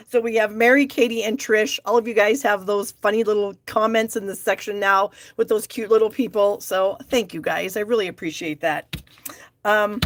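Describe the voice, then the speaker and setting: Middle-aged woman, live craft-class host, casual and chatty, mid-pitched, laughs a lot while reading comments. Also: a bit bright. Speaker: stamping demonstrator hosting a live class. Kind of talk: casual live-stream chat.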